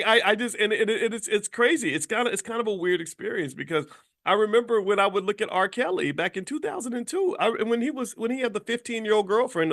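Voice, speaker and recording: A man's voice: high voice, a bit bright. A middle-aged man from Kentucky hosting a motivational commentary monologue, blunt and emphatic, repeating words as he drives home each point. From Louisville, Kentucky, USA. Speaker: host.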